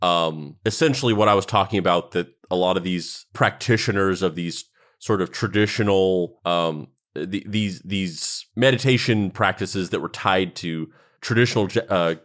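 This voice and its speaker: A man's voice: deep voice, moderate pace, fairly bright tone. A man co-hosting a podcast in casual chat, rambling with lots of fillers and restarts. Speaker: podcast co-host.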